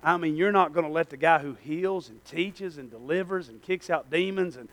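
A man's voice: a little high, moderate pace, a bit bright, lightly acted. A man voicing a scoffing criminal prisoner who is incredulous at being set free. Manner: incredulous, mocking.

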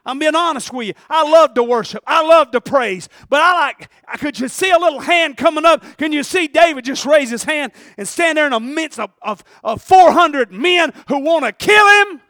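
Male preacher, very high, bright voice, animated sermon, calls for amens, shouts and drops quiet. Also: normal speed, few pauses, no echo, studio quality. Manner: animated, call-and-response, shouting then dropping quiet. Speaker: pastor.

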